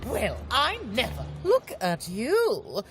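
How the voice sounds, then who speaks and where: A prim, condescending noble lady in a video game, lecturing on etiquette. She speaks slowly, her pitch swooping up and down, with faint music behind her. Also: wildly swooping pitch, heavily acted.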